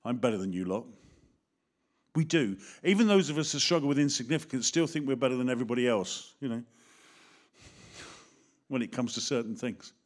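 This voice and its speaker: A middle-aged man with an English accent, preaching a sermon in a lively way, speaking straight to the congregation and acting out little voices. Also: medium pitch, fairly quick. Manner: animated, acts out voices, talks directly to the congregation.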